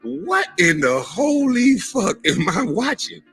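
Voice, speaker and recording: A man's voice: high-pitched, big pitch swings, slow pace, fairly bright tone, faint music behind. A man taunting and laughing sarcastically on a live stream.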